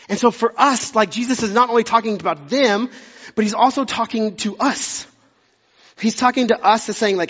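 Young man, pastor, casual sermon, high voice, long hall reverb. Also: normal speed, a bit bright, slightly rough, lo-fi sound. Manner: conversational, self-deprecating, jokey asides. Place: church sanctuary.

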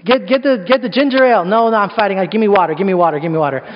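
A man putting on the voice of a cocky male fighter who calls for food before a fight, loud and bossy. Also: high voice, racing, voice pushed up, close to an everyday voice. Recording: echoey hall, dull sound.

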